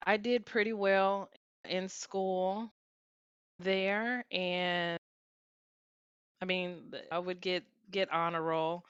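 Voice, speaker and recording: A woman's voice: fairly low pitch, fairly bright tone, clear, resonant tone, dry recording, dull audio. A woman from Houston with a light Texan twang, a guest in an interview telling her story in a reflective, chatty way. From Houston, Texas. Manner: reflective, chatty, frequent "you know" and "like".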